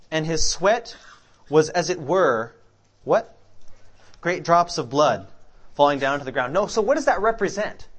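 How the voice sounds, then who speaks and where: A man preaching a sermon, asking the congregation questions, then answering them himself as he reads scripture aloud. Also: a little high. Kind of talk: interactive sermon.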